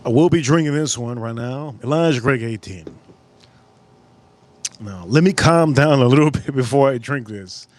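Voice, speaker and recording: A man hosting a live cooking stream outdoors at a grill, talking in a casual, profane way with sudden loud exclamations. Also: mid-range voice, normal speed.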